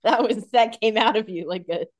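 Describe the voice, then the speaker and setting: A woman's voice: fairly high pitch, normal speed. A woman co-hosting a podcast, chatting casually and reacting to the episode with comments and laughs. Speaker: podcast co-host. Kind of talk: casual chat.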